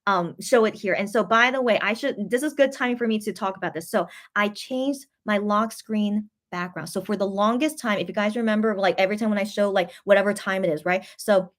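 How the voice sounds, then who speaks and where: A woman hosts a casual livestream, talking briskly in a mid-range voice with hardly any pauses. She rambles and gushes as she reads viewer comments aloud, easily moved by what she sees.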